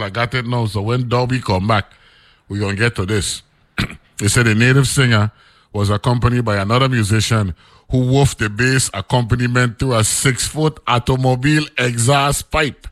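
A man's voice: medium pitch, fairly bright tone, no echo. A man, hosting a radio show and reading an old newspaper article aloud, breaking off into loose, chatty asides.

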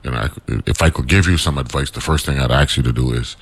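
A man from St. Croix hosting an interview, speaking in a measured, halting way and repeating words as he gathers his thoughts. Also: rumbling low, husky. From St. Croix, US Virgin Islands. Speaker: interview host. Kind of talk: casual interview chat.

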